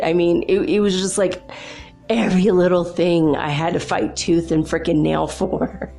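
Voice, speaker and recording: A woman hosting a spiritual talk show, telling a personal story in a chatty, animated way and laughing often. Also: fairly low pitch, normal speed, vocal fry, faint music behind. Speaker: host.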